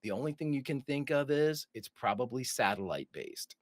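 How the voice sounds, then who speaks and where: A man running a tabletop role-playing game as game master, calmly calling for dice rolls and describing scenes. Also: medium pitch, normal speed, no room sound, clean studio sound.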